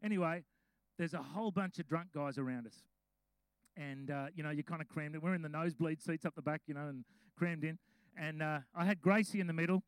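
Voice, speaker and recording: Male pastor, high-pitched, relaxed sermon storyteller, dry recording. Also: clear, resonant tone, no echo, poor audio. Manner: chatty storytelling with laughs; reads scripture slowly.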